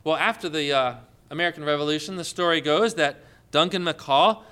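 A man's voice: on the high side, brisk, bright, forceful tone, smooth. A man preaching a sermon, telling stories and rising into emphatic questions.

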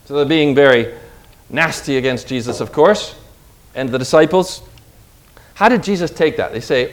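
A man preaching a sermon with an object lesson, swinging from quiet asides to loud, emphatic lines. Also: on the high side, animated, measured pace. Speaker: pastor.

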